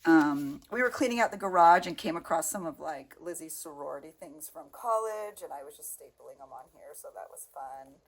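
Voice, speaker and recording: A middle-aged woman with a husky, breathy voice that sits low chats warmly through a journal flip-through. She gushes over little details, then drops into soft, murmured asides, and her volume rises and falls unevenly. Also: lively intonation, moderate pace, hardly any pauses. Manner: gushing, chatty, drifting into soft murmured asides. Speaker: craft vlogger. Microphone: home setup, volume uneven.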